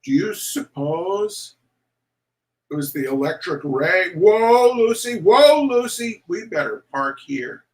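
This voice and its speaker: An eager, easily spooked young boy from a storybook, voiced by a man and pitched up high, hissing in loud whispers with bursts of excitement. His voice swoops all over the place. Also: takes it slowly, exaggerated voice. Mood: excited.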